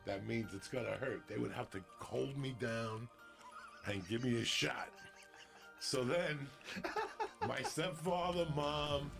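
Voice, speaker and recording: Gravelly, profane storytelling man. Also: medium pitch, slow, faint music behind. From New Jersey, USA. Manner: profane, animated, acts out quotes. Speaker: podcast guest. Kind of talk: casual storytelling on a podcast.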